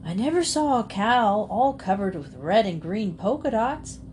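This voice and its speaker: A woman's voice: medium pitch, very animated, a little slow, darkish tone, slight background noise. A woman voicing a stubborn, hot-tempered big country man who blusters and insists, in a storybook reading. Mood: blustering.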